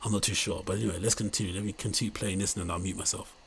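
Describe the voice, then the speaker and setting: Male host, husky voice, incredulous rambling reaction commentary. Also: low-pitched, steady tone, racing. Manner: incredulous, rambling, mock-enthusiastic.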